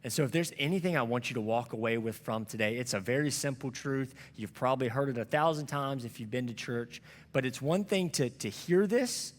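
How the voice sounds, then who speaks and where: A man's voice: mid-range voice, brisk, few pauses, in a large hall. A man preaching a sermon as a pastor, telling a story in a conversational, earnest way. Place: church sanctuary.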